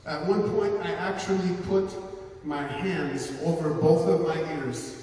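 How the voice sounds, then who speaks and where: A male pastor giving an earnest sermon and personal testimony to an audience, slowing down for emphasis. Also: fairly high pitch, darkish tone, a little hiss or hum. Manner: earnest storytelling, slows for emphasis. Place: large hall before a live audience. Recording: echoey hall from far off.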